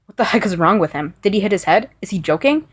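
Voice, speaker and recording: A woman's voice: mid-range voice, expressive, fast talker. A woman reading first-person fan fiction aloud in an earnest way, with small restarts. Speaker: story reader.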